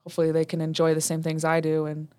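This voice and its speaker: A woman's voice: low-pitched, monotone, fast, a little mellow, clean tone, dry recording. A young woman co-hosting a student radio podcast, chatting casually and laughing often. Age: young adult.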